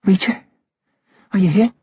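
A man voicing a frightened young woman hiding in the dark, in a breathy whisper, on a slightly dull recording. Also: medium pitch, sing-song, unhurried, dry recording, voice pushed up, heavily acted. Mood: tense whisper.

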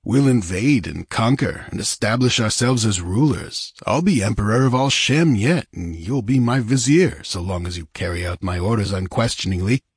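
A man's voice: on the low side, lively intonation, moderate pace, hardly any pauses, breathy edge, no room sound, clean studio sound. A man reading aloud, voicing a hot-tempered, ambitious male bandit chief with a commanding, sardonic manner. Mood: domineering, scornful.

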